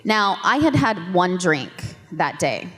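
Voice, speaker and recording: A woman on a convention panel, telling a story with lively, laughing energy and acting out the quotes. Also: on the low side, slow pace, soft background music. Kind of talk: animated storytelling to an audience. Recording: reverberant convention hall.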